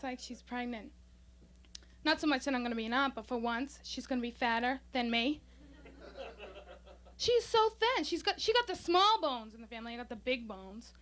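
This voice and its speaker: Bubbly, excitable young woman comic. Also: on the high side, moderate pace. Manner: bubbly, excitable, breathless delivery. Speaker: stand-up comic. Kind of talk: stand-up comedy set. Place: small comedy club stage, audience laughing.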